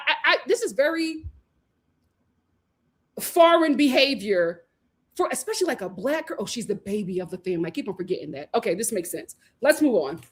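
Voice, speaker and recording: A woman in her thirties, originally from Philadelphia, hosts a casual reality-show recap, talking straight to her viewers with plenty of laughter. Her voice is on the high side, with a breathy edge.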